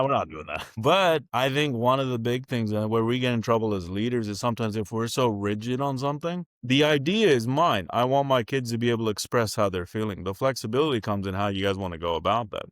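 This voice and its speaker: A plain-spoken man who leads a school district talks through an interview in a relaxed, folksy way. His voice sits fairly low, and he often slips into quoted back-and-forth exchanges. The sound is dry and close. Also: fast talker, few pauses, no echo. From California. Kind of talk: casual interview talk.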